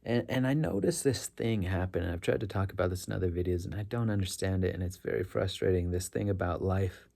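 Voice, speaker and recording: Low gravelly man telling a story. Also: fast talker, hardly any pauses, dark tone. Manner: rambling, self-correcting, earnest. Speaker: rideshare driver sharing stories. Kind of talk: casual reflective storytelling.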